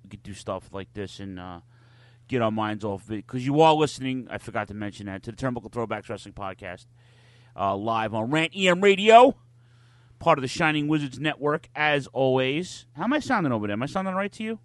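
A man's voice: mid-range voice, expressive, fast, no echo. Male podcast co-host, blunt ranting talker, cursing, dry close mic. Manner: blunt, swears freely, ranting. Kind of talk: casual podcast chat.

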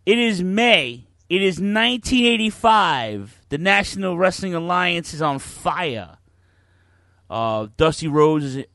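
A man hosting a casual podcast, animated and a little profane as he sets up old clips. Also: fairly high pitch, no echo, studio quality. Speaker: podcast host. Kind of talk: casual chat.

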